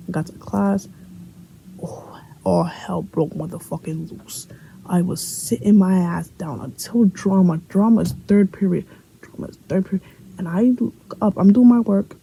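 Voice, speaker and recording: A woman's voice: on the low side, creaky, mellow, slight background noise, rough recording. A young woman from Brooklyn with a New York accent tells a storytime vlog in a blunt, profane, joking way, acting out what the other people said. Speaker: vlogger telling a story. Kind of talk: casual storytime monologue.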